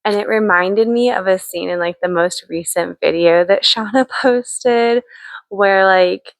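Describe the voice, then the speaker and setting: A woman's voice: mid-range voice, unhurried, creaky, no room sound. A young woman chatting casually in a book vlog, gushing about what she reads, with frequent likes and ums. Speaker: book vlogger. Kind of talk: casual read-along vlog chat.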